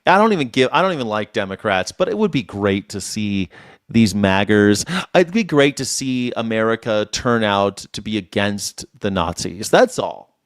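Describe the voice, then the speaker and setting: A man's voice: lowish voice, expressive, normal speed, dry recording, studio quality. A man hosting a casual commentary show, reacting to news clips with profane, wry asides.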